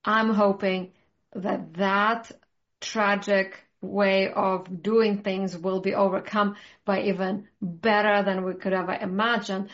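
A woman's voice: mid-range voice, little pitch movement, slow pace, a bit bright. A woman hosting a casual talk, ranting passionately with strong conviction. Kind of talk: casual conversation. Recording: muffled lo-fi audio.

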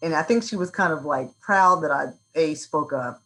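Animated woman telling a story. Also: sits low, normal speed, rough recording. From Virginia. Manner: animated, acts out quotes from her childhood. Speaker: guest, nonprofit CEO. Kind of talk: storytelling in an interview.

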